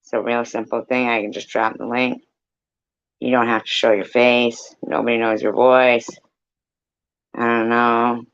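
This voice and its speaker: Slow, gravelly man rambling as chat host. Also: mid-range voice, little pitch movement, a bit bright, lo-fi sound. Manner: rambling, blunt, swears. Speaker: host of a live chat room. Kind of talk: casual live chat.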